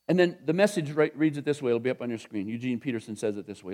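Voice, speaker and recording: A man's voice: fairly high pitch, fast talker, hardly any pauses. A male pastor giving a sermon in a loose, conversational way, with many restarts and asides. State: tired after a short night.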